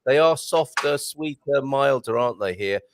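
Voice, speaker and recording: A man's voice: medium pitch, normal speed, a little hiss or hum. A man hosting a live morning show, enthusiastic and chatty with his guests. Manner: enthusiastic, animated presenter.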